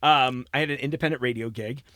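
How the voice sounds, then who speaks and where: A man in his forties with an American accent, telling stories as a podcast guest in a casual, animated way, often laughing. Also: mid-range voice, fast talker, dry recording. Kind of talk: casual chat.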